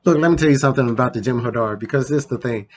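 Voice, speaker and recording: This host runs a casual countdown show, offering loose, conversational ranking commentary full of slang and asides. His voice is mid-pitched and rapid-fire, with a slight hiss or hum in the recording.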